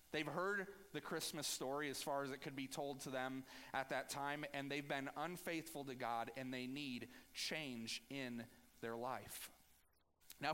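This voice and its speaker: A man delivering a sermon, his voice sitting a little higher than most men's. He talks to the congregation casually and acts out sarcastic, defensive lines in between. The sound carries a long hall reverb. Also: bright, forceful tone. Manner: conversational preaching with sarcastic acted-out asides. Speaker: pastor.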